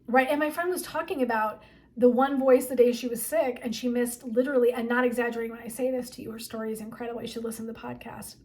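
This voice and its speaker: Woman coach/therapist doing a motivational talk, kinda high voice, chatty, lots of "like" and "right?". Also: fairly even intonation, quick pace, a little mellow. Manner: chatty and emphatic, frequent 'like' and 'right?'.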